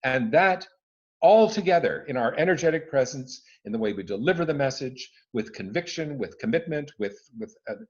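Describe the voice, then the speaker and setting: A man in his living room speaking on a video call, an expert answering interview questions with emphatic, expressive delivery and frequent restarts. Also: medium pitch, moderate pace. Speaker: speaking coach and former conductor. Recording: dull lo-fi video call audio.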